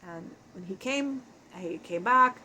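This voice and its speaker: A woman telling an emotional spiritual life story in a halting way, often breaking off and restarting her sentences. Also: medium pitch, expressive, pushed and bright, slight background noise, rough recording. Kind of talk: channeled personal storytelling.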